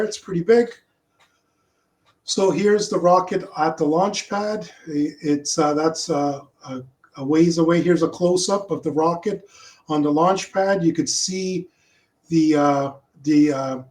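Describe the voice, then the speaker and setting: A man presenting his rocket launch slides in a casual talk over a video call, halting often with fillers and restarts. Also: a little high.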